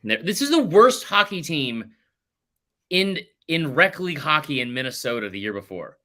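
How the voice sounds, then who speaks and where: A man's voice: a little high, very animated, moderate pace, pushed and bright. A man hosting a casual sports podcast, ranting animatedly and swearing freely. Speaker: podcast host.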